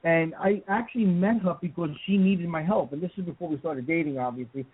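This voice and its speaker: High-voiced man over a tinny line. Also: brisk, husky. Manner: rambling storyteller, many fillers and restarts. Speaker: host. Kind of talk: casual radio chat. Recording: dry, tinny phone-like line.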